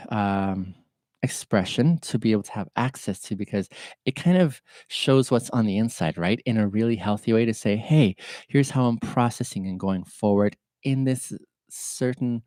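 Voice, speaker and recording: A man hosting a podcast livestream, talking gently and earnestly, open about his emotions, reflective and encouraging toward his viewers. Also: on the low side, dry recording. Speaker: podcast host.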